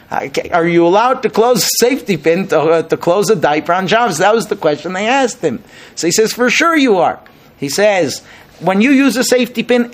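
Teaching Torah in a relaxed setting, this middle-aged man plays the part of each rabbi he cites, growing more emphatic as he goes. He has a high-sitting voice.

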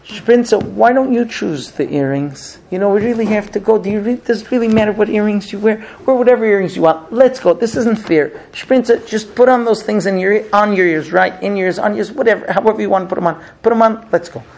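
Voiced by a man, a harried husband runs out of patience, pleading with rising urgency. The voice is a bit high and gravelly. He sounds cornered and hurried rather than angry. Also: expressive. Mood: exasperated. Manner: impatient, pleading, growing frantic.

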